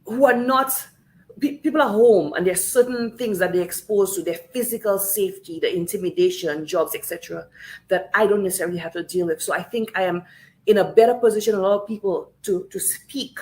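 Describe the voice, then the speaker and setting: A tearful, earnest woman from Saint Lucia gives an impassioned political address on a livestream from her home in Canada, repeating phrases for emphasis. She speaks a little fast in a mid-range voice over poor audio.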